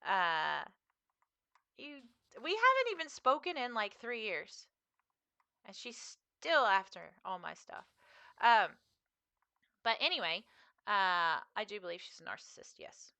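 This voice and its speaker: A woman's voice: mid-range voice, sing-song, unhurried, sharp tone, no echo. A young woman streamer chatting casually with her viewers while she plays, rambling with frequent fillers and laughs. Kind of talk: casual live-stream chat while gaming.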